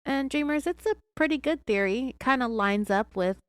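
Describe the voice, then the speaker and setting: A woman's voice: sits high, expressive, normal speed, smooth, no room sound. A woman hosting a true crime podcast, giving scornful, sarcastic commentary. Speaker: podcast host.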